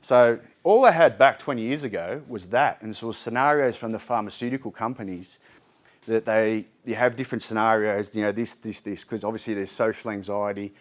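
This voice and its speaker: A man's voice: lowish voice, a little fast. A man with an Australian accent giving a candid, chatty community talk on mental health, with frequent ums and restarts. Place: indoor community hall.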